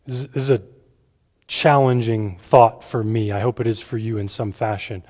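A long, hall-like reverb follows every phrase as a middle-pitched male pastor preaches to a gathered room in a church at an ordinary pace. His sermon is easygoing and conversational, peppered with "right?" check-ins and repeated words.

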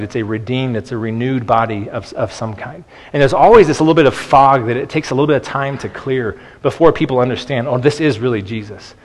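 Male pastor, mid-pitched voice, earnest conversational preaching, long church reverb. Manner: earnest, conversational with frequent restarts and "okay". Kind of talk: sermon.

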